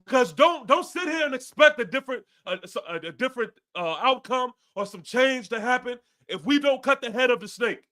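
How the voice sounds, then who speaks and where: A man's voice: very high voice, lively intonation, moderate pace, hardly any pauses, bright, forceful tone. A man hosting a live fan stream, ranting after a game with profanity and lots of repetition. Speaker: fan podcast host.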